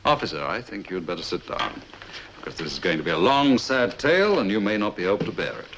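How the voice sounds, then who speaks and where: A suave man with a very deep voice plays a scene in a 1960s TV drama. He speaks with ironic, theatrical flourish and a lively rise and fall. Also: fast talker, a little hiss or hum, rough recording. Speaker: gentleman adventurer.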